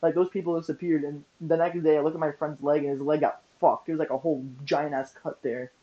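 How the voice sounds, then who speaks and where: A man with a notably high-pitched voice, rattling off a story for a casual podcast. He is excitable and profane. His recording sounds muffled and lo-fi. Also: fast. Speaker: podcast co-host. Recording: muffled lo-fi audio.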